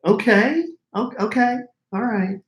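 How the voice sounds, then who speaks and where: A man's voice: sits high, measured pace. A man co-hosting a radio show, chiming in with teasing, dry remarks in casual talk. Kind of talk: casual chat. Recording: echoey room.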